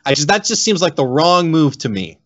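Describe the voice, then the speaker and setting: A man's voice: on the high side, big pitch swings, fairly quick, dry recording, dull audio. A man playing a blunt, unhelpful defense lawyer in an improv comedy sketch. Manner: blunt, matter-of-fact.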